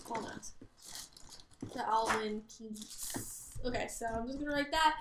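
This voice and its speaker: Chatty young-sounding woman with a high voice. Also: normal speed, a little hiss or hum. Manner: chatty, rambling, giggly, exclaims loudly. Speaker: gaming channel host. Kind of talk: casual gameplay commentary. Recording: roomy echo.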